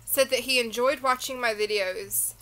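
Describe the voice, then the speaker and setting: A woman's voice: on the high side, normal speed, bright, forceful tone, rough recording. A tired woman with a Southern accent, rambling through a casual beauty unboxing chat full of tangents. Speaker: beauty vlogger.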